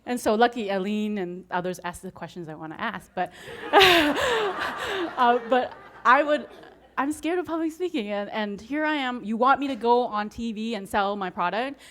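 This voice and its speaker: A woman giving an inspirational talk to an audience, telling her story with frequent laughter and acting out her own excited reactions. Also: fairly high pitch, moderate pace. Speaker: motivational speaker.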